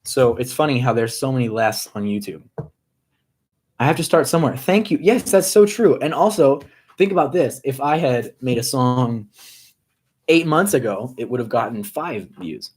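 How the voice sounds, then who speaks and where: A man chats loosely on his own live stream, upbeat and rambling, hopping between thoughts with quick asides. His voice sits at an ordinary middle pitch. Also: animated, darkish tone, husky. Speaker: musician hosting a live stream. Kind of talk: casual live-stream chat.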